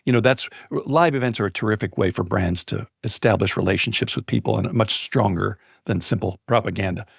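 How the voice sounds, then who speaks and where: A middle-aged man telling a personal anecdote as a guest on a podcast interview, building excitement as he goes. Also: lowish voice, brisk, gravelly, husky, no room sound, clean studio sound. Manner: lively storyteller, building excitement. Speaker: guest speaker on storytelling.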